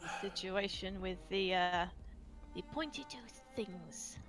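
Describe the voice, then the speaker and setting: A woman's voice: medium pitch, takes it slowly, over music. A woman playing a character in a tabletop game, talking casually with a touch of defiance. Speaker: player.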